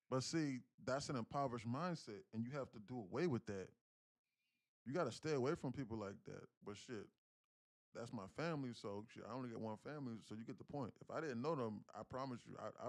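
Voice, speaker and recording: A young man day-trading on a livestream, chatting casually and profanely with viewers, telling stories loudly and excitedly. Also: mid-range voice. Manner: profane, animated storytelling, gets loud and excited.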